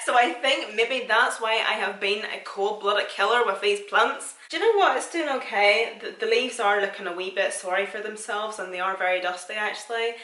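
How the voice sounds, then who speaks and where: A woman's voice: mid-range voice, normal speed, hardly any pauses, pushed and bright, roomy sound. A young woman chatting through a casual vlog tour of her houseplants, self-mocking and laughing often. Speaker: vlogger.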